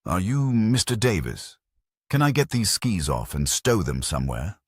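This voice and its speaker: A man's voice: on the low side, big pitch swings, moderate pace, slightly rough, no echo, studio quality, voice pushed up. A man doing a cheerful young police sergeant. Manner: cheerful, plain-spoken.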